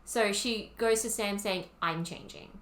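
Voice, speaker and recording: A young Australian woman in easy podcast chat, mid-pitched and relaxed, acting out bits of film scenes as she recaps them. She talks like she is among friends. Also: measured pace, roomy sound. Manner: chatty, retells film scenes with quoted lines. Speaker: podcast co-host. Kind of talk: casual chat.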